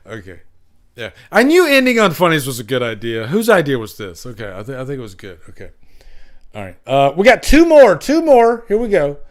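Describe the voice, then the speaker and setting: A man's voice: a little high, sing-song, moderate pace, long pauses. A man hosting a casual livestream, rambling and chuckling often as he reads out jokes. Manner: wanders between loud and hushed. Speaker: livestream host. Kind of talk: casual live chat.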